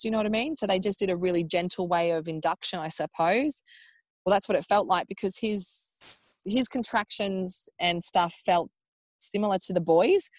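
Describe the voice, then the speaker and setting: An Australian woman in her thirties telling her own birth story in casual, animated talk, acting out what people said and swearing freely. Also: mid-range voice, moderate pace, no room sound. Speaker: podcast guest.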